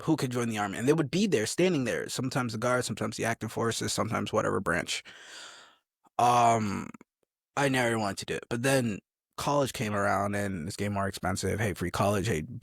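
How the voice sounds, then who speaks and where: A man's voice: lowish voice, fairly bright tone, no echo, clean studio sound. A young man in his twenties, an army soldier telling stories in a casual interview, rambling with restarts and acting out quotes.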